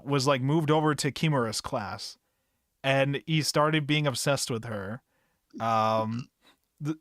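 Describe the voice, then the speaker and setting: A man's voice: on the high side, a bit bright, no echo, clean studio sound. Casual, rambling man hosting a podcast. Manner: rambling, profane, laid-back retelling. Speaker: podcast book club host. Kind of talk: casual chat.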